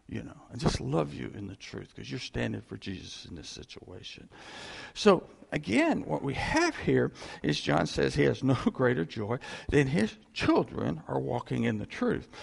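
A man's voice: medium pitch, vocal fry, breathy edge, in a large hall. A male pastor giving a conversational sermon, repeating phrases for emphasis and chuckling as he goes.

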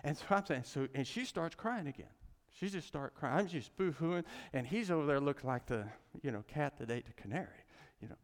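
A man's voice: on the high side, fairly quick. A man, a pastor and marriage counselor telling a story in a folksy sermon. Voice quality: animated, folksy, acts out the people in his stories. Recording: long hall reverb.

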